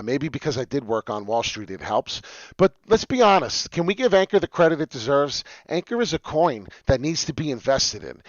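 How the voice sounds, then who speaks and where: A man hosting a casual crypto livestream, talking in an excitable, rambling way with frequent swearing. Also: mid-range voice, no room sound, highs cut off. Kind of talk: casual live chart talk.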